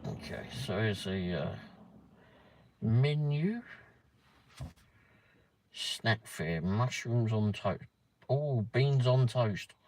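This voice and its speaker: A man's voice: mid-range voice, lively intonation, very slow, long pauses, darkish tone, no room sound. A man hosting a casual livestream, reading a pub menu aloud with muttered asides and the odd swear word. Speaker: livestream host.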